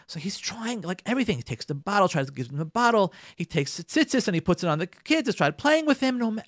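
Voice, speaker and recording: A man hosts a radio talk show, telling a story to his listeners with a high voice that jumps up and down. He repeats phrases for emphasis and drops in Yiddish and Hebrew words. The sound is dry and close. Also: a bit bright, no room sound. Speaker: radio show host, marriage counselor.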